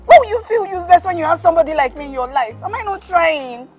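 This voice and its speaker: An emotional, pleading young girlfriend played by a woman, high-voiced and swinging widely in pitch. Faint music plays beneath her. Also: expressive, quick pace, darkish tone. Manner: emotional, pleading, repeats words.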